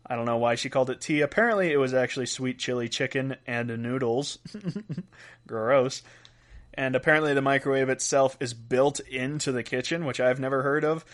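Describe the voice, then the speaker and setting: A man's voice: medium pitch, normal speed. A young adult man hosting a casual weird-news podcast, reading quotes aloud and chuckling between stories. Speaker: podcast host.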